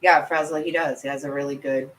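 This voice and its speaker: A woman's voice: low voice, steady tone, fast talker, rough recording. Giggly chatty woman with a drawl. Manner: chatty, giggly, self-deprecating. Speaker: commentary channel host. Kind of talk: casual livestream chat with viewers.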